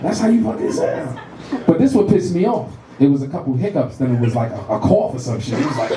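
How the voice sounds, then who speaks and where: Animated stand-up comic in a roomy club. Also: male voice, medium pitch, fast. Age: middle-aged. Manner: animated storytelling, crowd work, profane. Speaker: stand-up comedian. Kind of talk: stand-up comedy set. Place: comedy club stage with live audience. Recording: roomy club with audience laughter.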